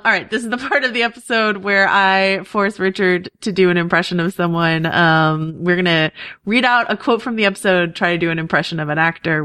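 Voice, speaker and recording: A woman's voice: on the low side, pushed and bright, no echo, clean studio sound. Laughing, chatty woman podcast host. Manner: chatty, laughs often, many fillers. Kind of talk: casual chat.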